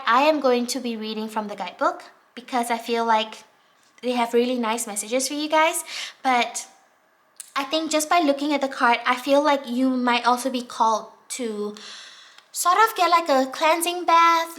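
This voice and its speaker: A woman's voice: fairly high pitch, fairly bright tone. A woman giving a casual, enthusiastic tarot reading, chatty and full of fillers. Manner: chatty, many fillers such as "like" and "um"; enthusiastic and encouraging. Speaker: tarot reader.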